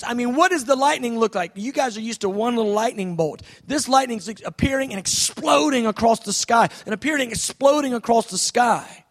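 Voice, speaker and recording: A man preaching a sermon, dramatic, swinging between shouts and hushed tones. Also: extremely high pitch, moderate pace.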